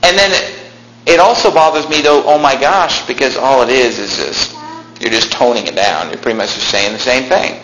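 Man, pastor, sermon, forceful bright voice, echoey church, faint hiss. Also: medium pitch, fairly quick. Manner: emphatic, with animated quoted asides. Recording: echoey room with faint noise.

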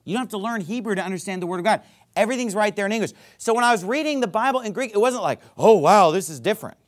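A man's voice: sits high, racing. A man preaching a sermon. He teaches in an emphatic, conversational way, often checking in with "okay?" and "right?".

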